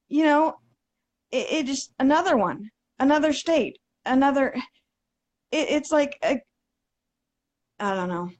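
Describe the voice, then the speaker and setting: A woman in her thirties speaks as a guest on a video call. She sounds emotionally shaken. Her voice is fairly high, and she talks slowly and haltingly, often stopping on hesitations. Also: animated, a little mellow. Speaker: interview guest.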